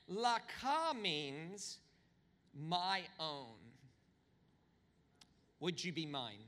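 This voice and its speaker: A man preaching a sermon, telling humorous stories with animated, swinging delivery. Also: extremely slow, pauses often, big-room sound. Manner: animated, humorous storytelling with big pitch swings. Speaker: pastor.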